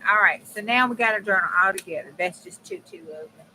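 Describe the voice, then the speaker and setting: She's a fast talker with a mid-range voice, caught on poor audio over steady background noise. As a crafting channel host at her home craft table, she keeps up a casual, folksy chat straight to viewers, using dialect phrasing.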